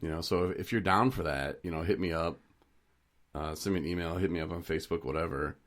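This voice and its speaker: Rambling through stories with lots of chuckles, a podcast co-host keeps the chat casual. He has a low voice with a fairly bright tone and talks quickly.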